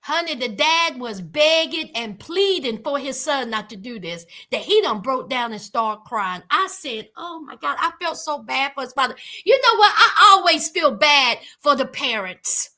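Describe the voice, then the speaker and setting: High bright-voiced sassy woman recapping. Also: measured pace, few pauses. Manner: sassy, animated, addresses viewers directly. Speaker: reality TV recap host. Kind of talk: casual recap commentary to viewers.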